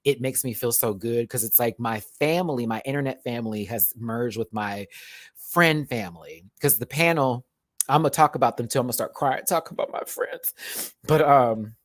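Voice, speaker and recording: A man with a Southern US accent chatting casually on a livestream from a hotel room, animated and full of terms of endearment. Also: medium pitch, no echo, clean studio sound. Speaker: YouTube host.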